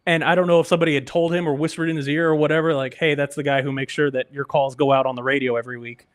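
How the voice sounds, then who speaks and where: A man who works as a radio engineer, a guest on a sports podcast, telling anecdotes in a lively way and acting out other people's lines. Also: on the high side, racing, dry recording. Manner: animated anecdotes, acts out quoted voices. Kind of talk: casual storytelling.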